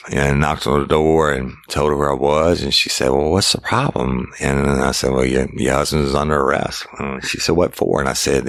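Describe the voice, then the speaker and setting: A man's voice: rumbling low, gravelly, fairly bright tone, dry recording, clean studio sound. A middle-aged man, a podcast host and former detective telling a crime story in blunt, profane language and acting out his own lines.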